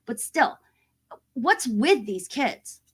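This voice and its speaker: Woman, forties, casual vlog chat, animated storyteller, fairly high voice. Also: drawn-out words, breathy edge. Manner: animated, acts out quoted voices. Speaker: horror YouTuber.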